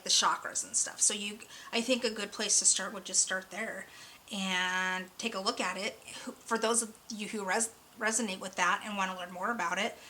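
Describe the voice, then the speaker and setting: A woman's voice: mid-range voice, sharp tone, slight background noise, rough recording. A woman giving a weekly oracle card reading, talking earnestly and a bit ramblingly, openly emotional, her voice close to cracking. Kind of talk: spiritual card reading monologue.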